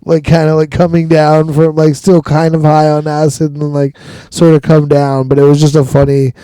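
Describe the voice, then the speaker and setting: A man's voice: on the high side, completely flat delivery, dark tone, clear, resonant tone, no room sound, poor audio. A man hosting a casual podcast, telling a long story full of swearing and frequent laughter. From Washington state. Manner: profane, laughing often, drawn-out storytelling. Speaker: podcast host.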